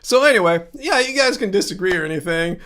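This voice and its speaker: A man's voice: high-pitched, expressive, fast, fairly bright tone. A man hosting a casual livestream, reading chat comments and arguing his point with sarcastic asides, often chuckling and restarting words.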